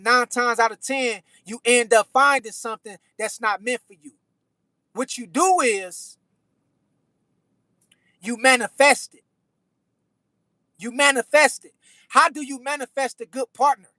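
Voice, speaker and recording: High, bright-voiced man giving slangy advice. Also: no room sound. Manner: slangy, preachy life advice, repeats phrases. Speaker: livestream host reading chat. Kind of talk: casual chat.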